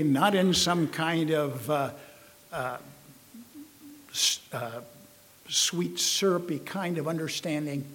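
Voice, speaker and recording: A man preaching a sermon in a slow, emphatic way, with pauses and fillers. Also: fairly high pitch, a bit bright.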